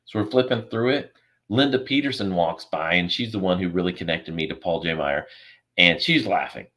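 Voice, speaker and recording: Deep-voiced man telling an emotional story. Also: moderate pace, a bit bright. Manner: earnest, emotional storyteller who acts out quoted dialogue. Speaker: podcast guest. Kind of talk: storytelling in a remote interview.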